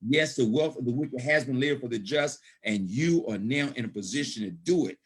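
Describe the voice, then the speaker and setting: Guy hyping up a savings pitch on a video call, emphatic, preachy repeats. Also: husky. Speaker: gold savings promoter. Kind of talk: motivational pitch.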